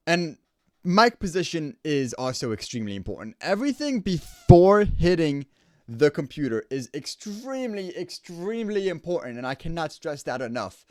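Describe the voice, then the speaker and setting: Man, audio engineer, casual tutorial, animated delivery, dry close-mic sound. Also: fairly high pitch, dry recording. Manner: casual and explanatory, stresses points by repeating them. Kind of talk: home studio recording tutorial. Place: home studio. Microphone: studio microphone at close range.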